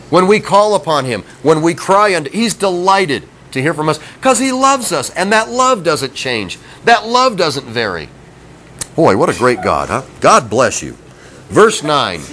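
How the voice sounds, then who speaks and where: A man's voice: a little high, very animated, normal speed, fairly bright tone, low-quality recording. Folksy middle-aged male preacher. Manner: folksy, conversational, asks the listeners questions. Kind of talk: sermon. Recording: faint background noise.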